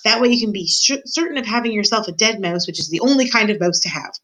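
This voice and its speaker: A woman voicing a bossy female castle cook who barks orders and scolds loudly. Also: medium pitch, fast talker, close to an everyday voice. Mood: scolding. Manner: barking, loud, scolding.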